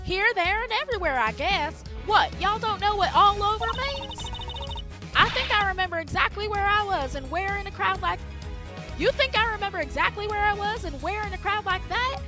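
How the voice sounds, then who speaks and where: A woman's voice: extremely high pitch, expressive, moderate pace, voice pushed up. A woman voicing a sassy, flustered young woman reporter who is a witness, in a drawling, defensive manner. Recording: loud game music behind.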